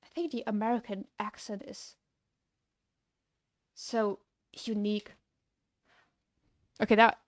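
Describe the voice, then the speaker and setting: A woman's voice: mid-range voice, no echo, studio quality. A young adult woman with a German-sounding non-native English accent, chatting casually with her stream viewers in a rambling way that is full of restarts. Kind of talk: casual live-stream chat.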